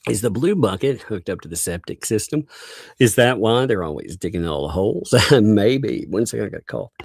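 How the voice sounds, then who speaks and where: A man's voice: lowish voice, lively intonation, a little fast, creaky, darkish tone, breathy edge, dry recording, studio quality. A male livestream host in casual chat, reading out viewer donations and laughing constantly between remarks.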